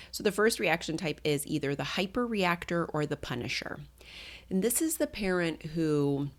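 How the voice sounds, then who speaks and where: A middle-aged woman hosts a solo parenting talk. Her voice sits low and gravelly, with a noticeable fry. She explains things conversationally, full of "like" and "um". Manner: conversational, explanatory, with many fillers. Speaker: parenting coach and podcast host.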